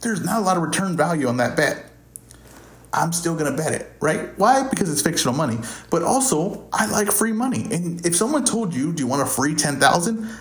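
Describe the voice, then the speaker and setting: A man's voice: fairly high pitch, very animated, fairly quick. Casual male host, offhand and thinking aloud, trips over names; echoey room. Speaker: podcast host. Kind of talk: casual fight predictions. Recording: roomy echo.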